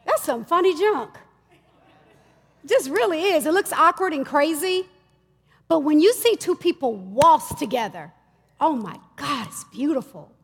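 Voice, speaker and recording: A woman minister preaching a sermon, talking to the congregation in a lively, chatty way and calling out to them often. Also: high voice, measured pace, big-room sound. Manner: lively, conversational preaching with audience call-outs. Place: church stage.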